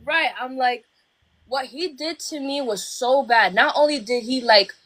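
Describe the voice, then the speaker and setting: A woman's voice: sits high, a little slow, fairly bright tone, rough recording. A young woman speaking into a phone on a livestream, telling a personal story bluntly and with animation. She swears freely and acts out the lines of the people in her story. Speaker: livestream host.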